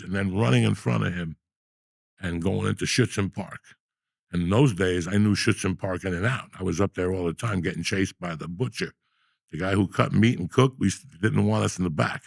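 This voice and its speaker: A middle-aged man tells his stories with a rough, gravelly rasp in a lowish register. He gets animated and profane as he talks. The sound is close and dry, with no room around it. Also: no echo. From New Jersey. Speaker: podcast host. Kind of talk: storytelling in casual chat.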